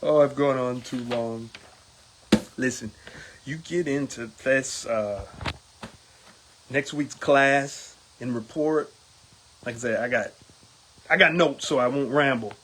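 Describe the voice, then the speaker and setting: A man's voice: medium pitch, slow, pauses often, fairly bright tone, a little hiss or hum. A middle-aged man, a union steward, speaking in a casual monologue and acting out quoted exchanges in a raised voice.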